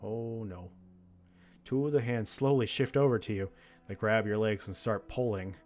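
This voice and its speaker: A man's voice: on the low side, moderate pace, a little mellow. A man reading a text horror game aloud, with dramatic narration broken by laughs and reactions. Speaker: game streamer.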